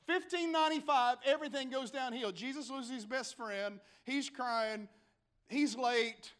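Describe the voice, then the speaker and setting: A man, a pastor delivering a dramatic sermon in church, moving from quiet scripture reading to shouted calls. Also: extremely high pitch, unhurried.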